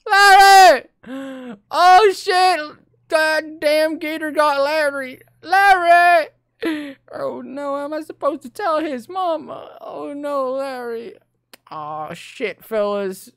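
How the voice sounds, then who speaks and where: A man's voice: very high-pitched, animated, takes it slowly, a bit bright, no echo, studio quality, voice pushed up, full character voice. A man voicing a panicking male farmer who shrieks and wails over his fallen friend. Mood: panicked wailing. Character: panicking hick male farmer, loud, frantic.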